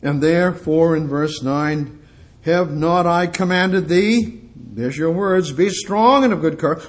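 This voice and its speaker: A man's voice: fairly high pitch, expressive, a little slow. An older man preaching a sermon, emphatic and repetitive, quoting scripture and putting questions to his listeners. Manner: emphatic, repeats phrases, quotes scripture, asks the congregation questions.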